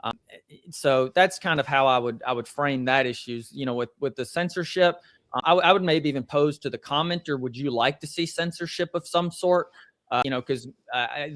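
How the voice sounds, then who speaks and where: A man's voice: mid-range voice, fairly bright tone, no echo. Southern man explaining law, dry sound. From Tennessee, USA. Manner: measured explaining with frequent "you know" and "uh". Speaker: attorney guest. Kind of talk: legal commentary in a podcast interview.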